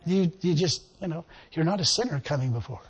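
A man preaching a lively sermon to a responding congregation, laughing often and acting out the people he quotes. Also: fairly high pitch, brisk, breathy edge. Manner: animated, laughing, acts out quotes. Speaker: pastor.

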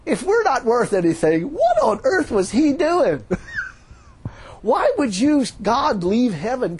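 Animated man preaching, gravelly and husky. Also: high voice, low-quality recording. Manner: animated preaching, retelling a story with quoted dialogue. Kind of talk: sermon.

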